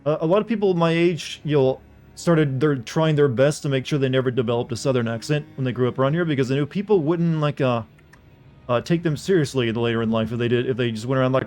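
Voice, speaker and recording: A man's voice: medium pitch, fast, a little mellow, soft background music. A man from the American South streaming a game live, chatting loosely and profanely with his viewers. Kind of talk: casual livestream commentary.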